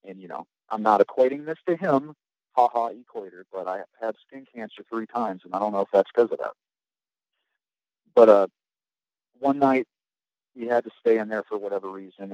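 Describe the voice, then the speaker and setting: A man with a low, mellow voice tells rough, swearing stories from his navy service. He rambles and restarts often, and his voice sounds dry and close to the mic. The recording is a bit dull and lo-fi. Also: no echo. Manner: profane, rambling storytelling with frequent restarts. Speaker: guest, navy veteran. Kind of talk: casual podcast chat.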